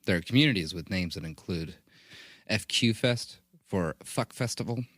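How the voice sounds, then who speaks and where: A man co-hosting a podcast, reading research notes aloud in a steady, plain delivery. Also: low-pitched, normal speed, dry recording, clean studio sound. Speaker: podcast co-host.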